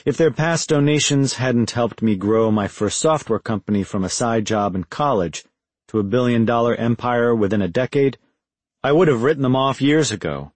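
A man reading a first-person audiobook in a measured, reflective way. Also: medium pitch, dry recording. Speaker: audiobook narrator.

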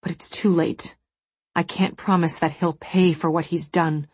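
A woman's voice: on the low side, level tone, a little slow, darkish tone, breathy edge, no room sound. A woman voicing a grieving male aviator who speaks with vehement anguish, in an audiobook. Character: grieving male pilot, older, intense.

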